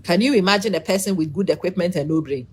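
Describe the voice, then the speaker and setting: A middle-aged woman giving a casual, animated opinion monologue, preachy and teasing, calling out to viewers by name. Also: on the low side, fast talker, husky. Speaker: vlogger.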